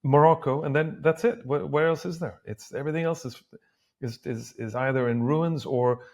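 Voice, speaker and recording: A man co-hosting a discussion podcast from a remote call, talking in a halting way with many restarts. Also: a little high, a little mellow. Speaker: podcast co-host. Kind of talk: casual discussion. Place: Beirut, at a university.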